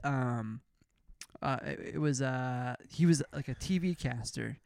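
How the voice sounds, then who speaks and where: A man in relaxed casual chat about a favorite sitcom. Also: mid-range voice, a little slow, vocal fry, no room sound. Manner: relaxed, chatty, laughs while talking.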